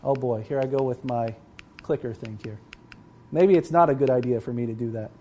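A man's voice: medium pitch, fairly quick, warm tone, a little hiss or hum. A man preaching a sermon, emphatic and explanatory, reading scripture aloud in a stern voice.

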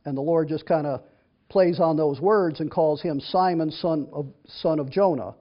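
A man with a voice on the high side speaks at a moderate pace, teaching from the Bible. He reads verses aloud, then explains them in a casual, chatty way, often restarting his sentences. The recording is dull and lo-fi.

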